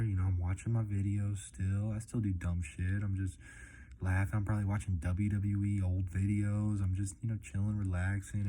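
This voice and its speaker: Young male vlogger, low mellow monotone, laid-back, profane, casual chat. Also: a little hiss or hum. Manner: laid-back, swears a lot, says "man" and "dude" often. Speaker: delivery driver vlogger. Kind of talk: casual rambling vlog.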